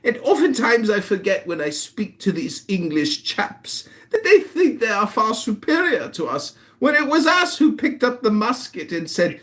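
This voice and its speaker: This is a man from the United States in his forties, far up in pitch for a man. His voice leaps around as he rants and jeers at a critic during an online room debate. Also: very animated, moderate pace, hardly any pauses. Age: 40s. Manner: loud, mocking, ranting insults. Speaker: political candidate hosting an audio chat room. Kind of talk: heated online chat room argument.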